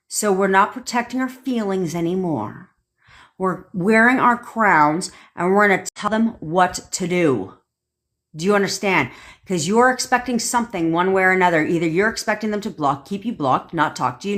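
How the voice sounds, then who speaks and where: A woman's voice: medium pitch, a bit bright. Blunt, swearing woman coach. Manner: blunt and commanding, swears often. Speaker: manifestation coach. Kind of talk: livestream pep talk. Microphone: phone.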